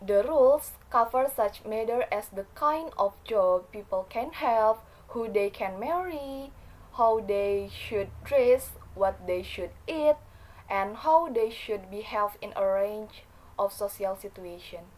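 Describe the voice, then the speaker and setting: A woman's voice: medium pitch, animated, slow pace, darkish tone, low-quality recording. A woman reading a class presentation from notes, with frequent fillers and small slips.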